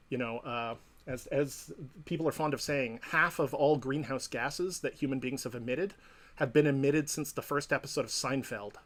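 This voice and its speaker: A man giving a long reflective interview answer as a professor and psychotherapist, thoughtful and explanatory, often checking in with "right?" and "you know". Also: mid-range voice. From Canada.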